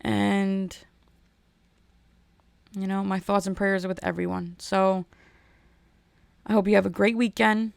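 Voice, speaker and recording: A woman's voice: mid-range voice, flat delivery, measured pace, gravelly, long pauses, dry recording. Rambling, heartfelt woman podcaster. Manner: rambling, heartfelt, with many restarts. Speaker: podcast host. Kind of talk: casual solo podcast chat. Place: home podcasting corner.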